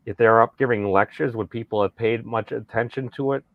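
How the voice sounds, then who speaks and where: A man's voice: medium pitch, fairly even intonation, fairly quick. An American man hosting a casual podcast chat, rambling with restarts and wry asides. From United States. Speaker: podcast host. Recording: dull, dry sound.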